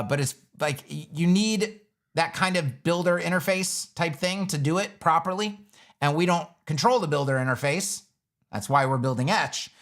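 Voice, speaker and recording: A man hosting a casual livestream Q&A, talking emphatically, swearing casually and acting out users in quick little voices. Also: a little high, fairly bright tone. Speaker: web design educator and livestream host.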